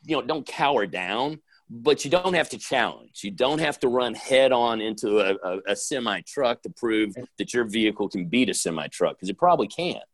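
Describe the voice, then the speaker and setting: A man's voice: medium pitch, animated, normal speed. A man on a podcast giving practical advice with blunt everyday examples. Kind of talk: casual advice talk.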